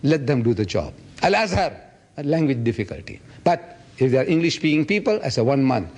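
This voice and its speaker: A man in his seventies giving a public lecture and answering audience questions, telling stories with lively energy. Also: brisk. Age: 70s. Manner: animated storytelling, acts out others' voices with big pitch jumps.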